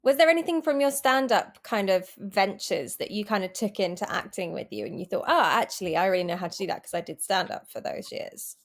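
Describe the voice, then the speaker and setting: A woman's voice: medium pitch, fairly quick, few pauses. A woman co-hosting a podcast, asking questions in a friendly, encouraging way. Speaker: podcast co-host. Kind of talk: casual podcast chat.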